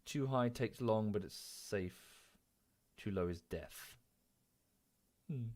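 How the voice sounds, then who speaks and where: A man's voice: fairly low pitch, slow, a little mellow. A young man streaming a game, talking casually and mocking himself. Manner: chatty, self-mocking, coos baby talk at his dog.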